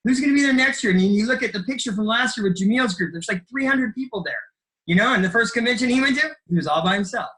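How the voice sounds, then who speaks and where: Upbeat middle-aged man, high and bright. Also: animated, fast, rough recording. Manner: enthusiastic, rambling with fillers and restarts. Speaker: health coach sharing his story. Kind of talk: motivational talk on a group call.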